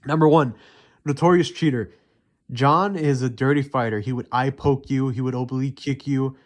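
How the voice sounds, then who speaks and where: A man's voice: mid-range voice, fairly even intonation, moderate pace. A young man ranting heatedly and profanely in unscripted commentary, rambling with many fillers. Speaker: MMA commentary YouTuber.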